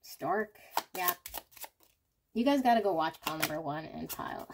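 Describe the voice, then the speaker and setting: Woman card reader, lower register, casual candid chat, faint noise behind. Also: animated, measured pace. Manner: candid, chatty, thinks aloud with frequent "like" and "um". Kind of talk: casual pick-a-card reading.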